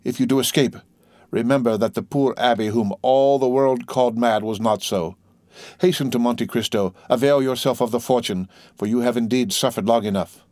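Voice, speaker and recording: A man's voice: mid-range voice, moderate pace, darkish tone, no echo, close to an everyday voice. Dying old priest, weak and fading, slipping to a whisper in a dry close read, as the male reader puts him on. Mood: solemn. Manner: faint, fading, at times whispered.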